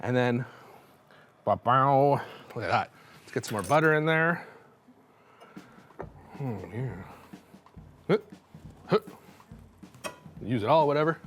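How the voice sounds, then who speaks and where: A man's voice: mid-range voice, slow, pauses often, fairly bright tone, a little hiss or hum. A man hosting a cooking show, chatting in a rambling, self-mocking, nervous-joking way. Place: studio kitchen.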